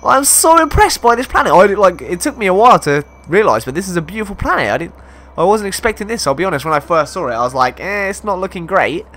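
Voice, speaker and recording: Animated young gaming commentator. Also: male voice, high voice, fast. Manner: animated, exclaiming and laughing often. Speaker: gaming YouTuber. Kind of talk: excitable let's-play commentary.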